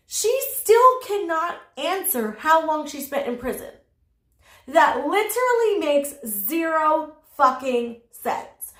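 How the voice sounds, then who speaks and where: Sassy, blunt high-voiced woman. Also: fairly bright tone, reverberant. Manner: sassy, blunt, swears freely, laughs. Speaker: commentary YouTuber. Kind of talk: casual drama commentary.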